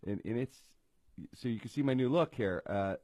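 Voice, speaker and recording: A man's voice: mid-range voice, normal speed, warm tone, no room sound. A middle-aged man hosting a casual comedy talk show from a home studio, rambling and joking at his own expense with many restarts. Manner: rambling, self-deprecating jokes with frequent restarts. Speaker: radio comedy show host.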